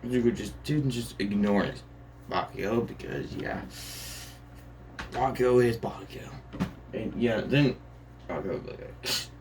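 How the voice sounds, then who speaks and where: A man's voice: on the low side, a little slow, pauses often, darkish tone, slight background noise. A man improvising a fan story aloud, rambling and filling gaps with casual fillers. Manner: rambling, full of "and yeah, like" fillers.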